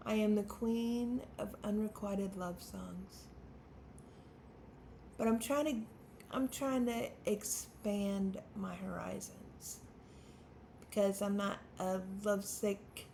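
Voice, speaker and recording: A woman's voice: mid-range voice, slow pace, gravelly, pauses often, a little mellow, slight background noise. A woman in her fifties, a songwriter hosting her own channel, talking unscripted to the camera in a nervous, stammering, self-deprecating way. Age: 50s.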